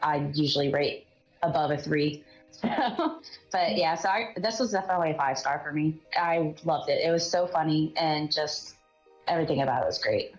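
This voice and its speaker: A woman's voice: deep voice, moderate pace, lo-fi sound, soft background music. A woman chatting about a book on a video call, hesitant with lots of ums, still getting over a cough. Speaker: guest. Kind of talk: casual book chat.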